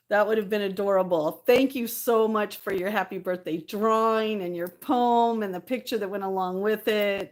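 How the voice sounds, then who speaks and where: This is a middle-aged woman talking loosely to her live-stream viewers. She rambles happily, breaks into laughter, and reads out comments along the way. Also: fairly high pitch. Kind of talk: casual live-stream chat.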